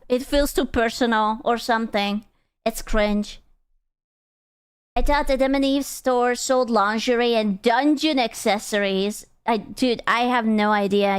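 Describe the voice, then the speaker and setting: A young woman, streaming and chatting casually with her chat, excitable, swearing and gasping in her reactions. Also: fairly high pitch, smooth. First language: Hungarian.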